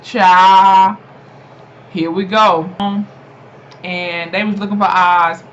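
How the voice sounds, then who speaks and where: A young adult YouTuber chattily recapping a TV episode, animated and laughing often, with lots of fillers. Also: mid-range voice, very slow. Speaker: TV episode reviewer. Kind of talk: casual spoken episode recap. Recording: dull lo-fi home recording with faint noise.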